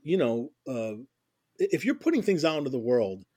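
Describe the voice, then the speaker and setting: A man's voice: medium pitch, very animated, normal speed, warm tone, husky, no echo. A middle-aged man telling stories in a casual interview, rambling with many restarts and constant "you know"s. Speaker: interview guest, music journalist.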